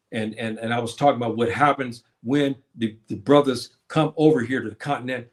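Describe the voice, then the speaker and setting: Older man, livestream host, casual chat, rambling, reminiscing, lots of fillers. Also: medium pitch. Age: 70s.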